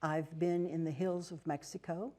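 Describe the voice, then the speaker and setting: An older American woman speaks in a lowish, mellow voice. She tells her stories unhurriedly in a TV interview, with fillers and restarts. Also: steady tone, moderate pace. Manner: warm storytelling with fillers and restarts. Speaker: interview guest, nun and teacher. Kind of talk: casual interview talk. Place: TV studio.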